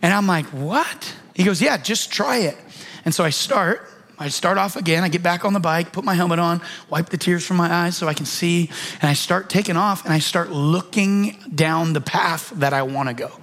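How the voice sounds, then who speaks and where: A man in his thirties gives a sermon as a story, talking in a high voice. He speaks casually, with restarts, and acts out the quoted lines of the people in the story. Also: steady tone, fairly quick, a bit bright. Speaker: pastor.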